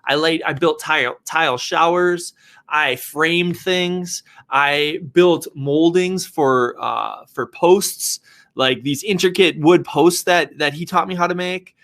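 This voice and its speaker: A man who works as a real estate agent and developer, telling a personal story in an animated, conversational way. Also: a little high, slow pace.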